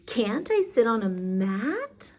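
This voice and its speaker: A woman's voice: a little high, sing-song, slow pace, a little mellow, full character voice. A woman voicing a reluctant frog in a picture book, asking one pleading question after another.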